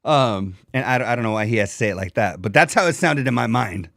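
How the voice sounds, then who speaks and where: A young man co-hosting a casual comedy podcast, animated and swearing, slipping into mocking voices of others. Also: medium pitch, fast talker, vocal fry, dry recording, studio quality. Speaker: podcast co-host.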